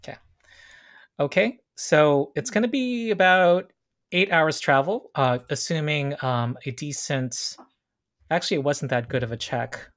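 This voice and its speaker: A man running a tabletop role-playing session as game master, explaining rules in a relaxed way and reading scene descriptions slowly. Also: fairly high pitch.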